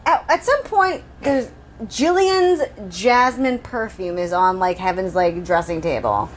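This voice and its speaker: A woman's voice: medium pitch, lively intonation, unhurried, slight background noise. A woman co-hosting a podcast, recapping a book from her notes in a wry, giggly way. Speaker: podcast co-host. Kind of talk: casual book-recap chat.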